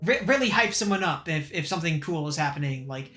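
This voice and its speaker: A young woman hosting a casual group podcast chat, even-keeled in tone, laughing often and restarting her sentences. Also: on the low side, quick pace, few pauses, faint music behind. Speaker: podcast host and organizer.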